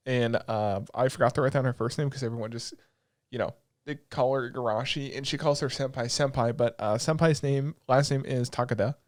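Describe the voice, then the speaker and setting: A young man co-hosting a podcast, recapping an anime in casual chat, animated, swearing freely and breaking into quick asides. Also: medium pitch. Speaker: podcast co-host.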